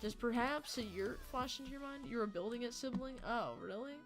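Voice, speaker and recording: A young woman streamer chats loosely with her viewers in a fairly high voice. She rambles from joke to joke and swears freely. Faint game music plays behind her. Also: fairly quick. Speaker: livestreamer. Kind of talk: casual chat with stream viewers.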